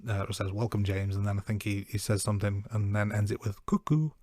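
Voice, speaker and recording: A man with a fairly low voice talks through a film's scenes in a relaxed, self-deprecating way. The recording is dry and close, with no room sound. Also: fast, dry recording. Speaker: podcast co-host. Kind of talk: casual film-review chat.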